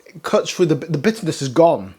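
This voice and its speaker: A man's voice: on the high side, very animated, a little fast, darkish tone, breathy edge. A man hosting a casual cooking demonstration in a kitchen, chatty and upbeat, with easy laughter. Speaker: cooking show host.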